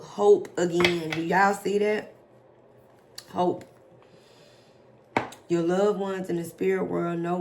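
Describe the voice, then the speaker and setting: A woman doing a casual tarot reading for her viewers, slowly reading out card messages and reacting to them. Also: fairly low pitch, gravelly, a little mellow, slight background noise. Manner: slow, drawn-out, reads card text aloud then reacts emotionally. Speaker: tarot reader.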